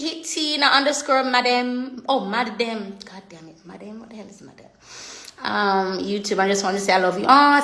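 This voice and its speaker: A young woman with a slightly high, fairly bright voice chats casually on a livestream from a room at home, reading viewer comments aloud. The room sounds echoey.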